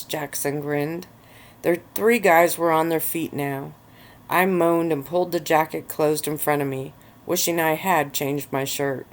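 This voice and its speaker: Casting: woman with a low voice, unhurried ASMR reading of a story from her bed. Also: steady tone. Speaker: narrator. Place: bed with pillows at home.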